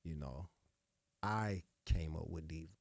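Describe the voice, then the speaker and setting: A middle-aged man, a music producer being interviewed, telling stories in a relaxed, salty way and often adding "you know what I'm saying". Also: very deep voice, unhurried, gravelly, no room sound, clean studio sound. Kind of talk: casual interview storytelling.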